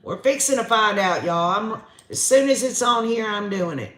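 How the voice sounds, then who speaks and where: A man's voice: high voice, expressive, normal speed, a bit bright. A man hosting a true crime live stream, reading viewer comments aloud in a folksy, chatty way. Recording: roomy echo.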